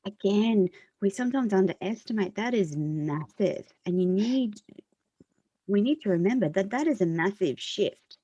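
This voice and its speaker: Mellow-voiced female host, dry lo-fi sound. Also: medium pitch, expressive, dry recording. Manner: earnest and encouraging, measured. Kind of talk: interview talk show.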